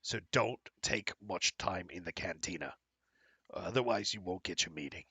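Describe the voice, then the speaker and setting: A man voicing a gruff, grumbling male guard who talks curtly. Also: sits low, normal speed, sharp tone, dry recording, full character voice. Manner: curt and grumbling.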